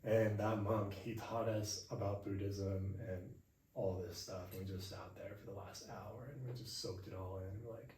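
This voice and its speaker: A young man hosting a podcast, telling a travel story in a relaxed chat at home and acting out the people he met. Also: lowish voice, normal speed. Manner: animated, acts out quoted voices. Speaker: podcast host. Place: indoors at home. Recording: echoey room, mic far off, faint hiss.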